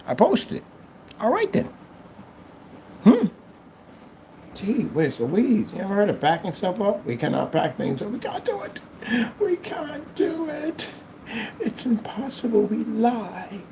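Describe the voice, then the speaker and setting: A man's voice: on the high side, vocal fry, a little mellow, a little hiss or hum. A man who runs a small business, talking casually and rambling as he works on a livestream, thinking aloud and mocking his critics. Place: indoor business premises.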